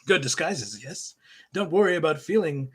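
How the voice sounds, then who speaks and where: A man's voice: fairly high pitch, animated, normal speed, a bit bright, breathy edge, voice pushed up. A man voicing a scrawny, hot-tempered male cartoon chihuahua with a put-on foreign accent, stumbling over the lines as he reads them aloud. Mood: smug.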